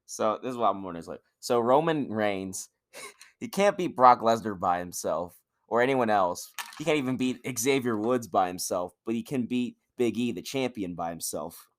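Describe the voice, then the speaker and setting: Laid-back man with a lowish voice. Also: expressive, moderate pace. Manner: laid-back, chuckling asides. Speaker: podcast co-host. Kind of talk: casual wrestling chat.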